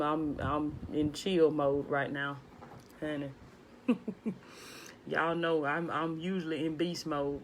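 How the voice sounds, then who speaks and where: Low-voiced woman hosting a laid-back live stream. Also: slight background noise. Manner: laid back and hushed, greeting viewers by name. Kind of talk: casual spiritual live-stream talk. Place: at home, indoors.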